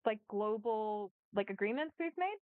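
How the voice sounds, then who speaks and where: A woman's voice: medium pitch, expressive, moderate pace, clear, resonant tone. Sarcastic swearing woman streamer, tinny sound. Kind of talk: casual reaction chat. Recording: dry, phone-like tinny sound.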